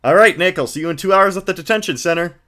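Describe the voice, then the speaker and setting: A man voicing a bubbly, excitable teenage girl in a video game, gushing like a starstruck fan in a raised falsetto. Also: fast. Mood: chirpy.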